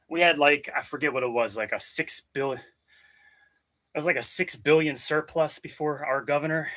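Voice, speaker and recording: A man's voice: medium pitch, bright, forceful tone. A young man from Maryland talking casually and profanely while working out, rambling and answering his live chat. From Maryland, USA. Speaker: fitness vlogger. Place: home gym.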